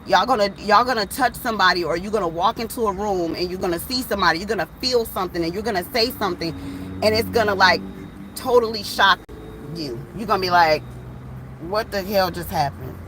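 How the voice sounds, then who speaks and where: Animated, chatty woman tarot reader. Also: mid-range voice, quick pace, a little hiss or hum, rough recording. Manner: animated, chatty, casual swearing, addresses viewers as y'all. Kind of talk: casual storytelling vlog. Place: outdoors.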